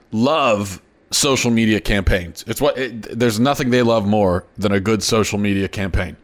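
A man delivers a solo podcast monologue while he is losing his voice. He sounds hoarse and strained, and his tone is sardonic and opinionated. He pauses and clears his throat as he pushes through. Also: mid-range voice, a bit bright. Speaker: podcast host.

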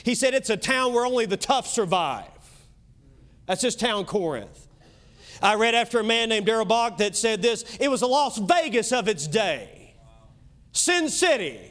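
High-voiced preacher with Kentucky accent. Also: male voice, very animated. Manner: emphatic preaching, swinging loud and soft, quick asides. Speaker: pastor. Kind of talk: sermon.

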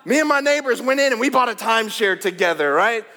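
Animated, high-voiced preacher man in a reverberant hall. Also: fast. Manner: animated, jokey, calls out to the crowd. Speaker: pastor. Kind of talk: sermon.

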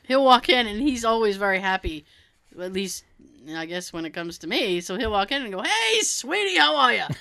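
A woman's voice: mid-range voice, fairly quick, clear, resonant tone, no echo. A woman co-hosting a podcast in casual chat, telling stories with plenty of swearing and acting out what other people said. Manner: animated storyteller, swears freely, acts out quoted dialogue. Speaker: podcast co-host.

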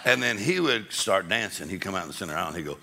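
A male comedian doing stand-up storytelling, animated and acting out people with sudden high shouts. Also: very fast, gravelly, heavy background noise.

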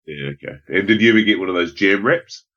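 A man's voice: low voice, animated, fast, bright, forceful tone, dull audio. A man in casual chat who asks curious questions and jumps in with his own food memories.

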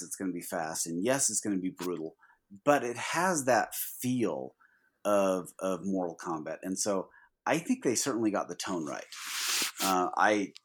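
A man with a somewhat low voice co-hosts a casual podcast chat. He talks in an animated, easygoing way, with plenty of fillers along the way. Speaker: podcast co-host.

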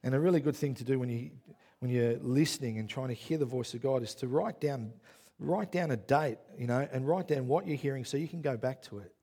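A man's voice: mid-range voice, a little fast, dark tone, slightly rough. A male pastor giving a conversational sermon, encouraging and drawing stories from the congregation.

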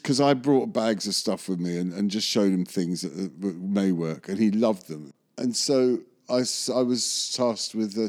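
A man, a magician, telling a rambling anecdote in an interview, often correcting himself and chuckling. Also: on the low side. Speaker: magician recalling film work.

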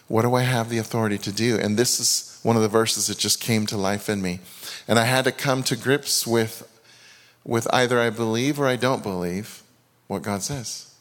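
A man's voice: medium pitch, a bit bright. Male preacher, 50s, mid-range voice, earnest testimony, long hall echo. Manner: earnest, confessional, with many restarts and quoted asides. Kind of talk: sermon with personal testimony.

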